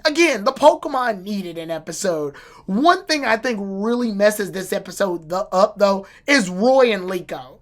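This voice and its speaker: A woman's voice: mid-range voice, a bit bright. A woman giving a casual, rambling and opinionated episode review with swearing and restarts. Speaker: anime reviewer.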